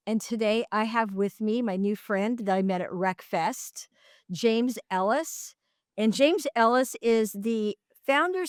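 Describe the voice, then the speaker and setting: A woman's voice: fairly high pitch, dry recording, studio quality. A woman hosting a podcast, introducing her guest in a bubbly, friendly way. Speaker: podcast host.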